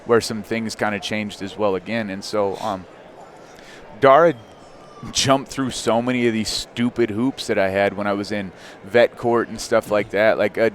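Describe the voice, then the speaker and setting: A man in his thirties, a podcast guest, telling a personal story in a candid, animated way with frequent fillers. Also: lowish voice, a little hiss or hum. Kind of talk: casual storytelling.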